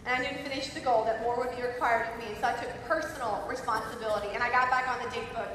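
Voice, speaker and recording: Emphatic woman conference speaker, high pitch, heard distantly in a reverberant hall. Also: fairly even intonation, rapid-fire, slight background noise. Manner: emphatic, swings from shouting to soft. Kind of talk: motivational speech. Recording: echoey hall, voice from far off.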